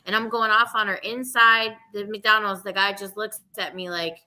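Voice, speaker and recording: A woman's voice: on the high side, moderate pace, few pauses, pushed and bright. A woman podcast host telling candid, profane stories about herself in casual chat. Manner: candid, profane confessional storytelling.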